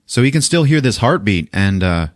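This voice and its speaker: A man's voice: mid-range voice, normal speed, dry recording, clean studio sound. A man hosting a podcast, recapping a film in casual chat and acting out its characters with lots of swearing. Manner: animated storytelling, acting out characters with profanity.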